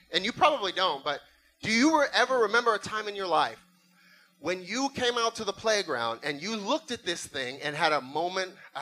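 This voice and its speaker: A man's voice: high voice, sharp tone, poor audio. A middle-aged man preaching a sermon, telling a funny story and acting out voices and sound effects. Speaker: pastor.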